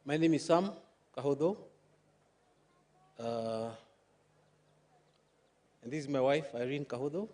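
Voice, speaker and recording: A man reading a tribute to a friend at a funeral, in a formal, measured way. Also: medium pitch, a little mellow.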